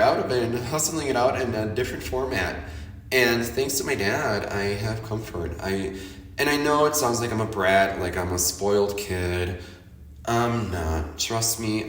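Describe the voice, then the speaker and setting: A chatty, candid man from Chicago talks through his own podcast, laughing often and swearing freely. His voice sits on the low side. The sound is roomy and comes from a little way off the mic. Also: fairly bright tone, recorded from a distance. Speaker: podcast host. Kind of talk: casual personal monologue.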